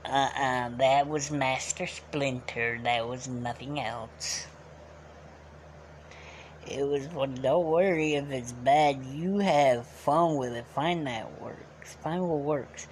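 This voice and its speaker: Man, streamer, slow easygoing chat, sore throat, faint hiss in background. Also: mid-range voice. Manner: loose and chatty, asks viewers to rate him. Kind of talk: casual chat with stream viewers.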